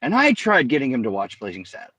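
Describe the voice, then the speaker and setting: A man co-hosting a casual film podcast, talking excitably and swearing freely. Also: mid-range voice, fast talker, husky. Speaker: podcast co-host.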